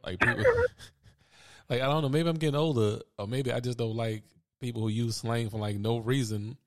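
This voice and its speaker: A man's voice: medium pitch, very animated, moderate pace. A young adult man co-hosting a casual chat, telling stories with a laid-back, laughing, profane manner. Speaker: podcast co-host.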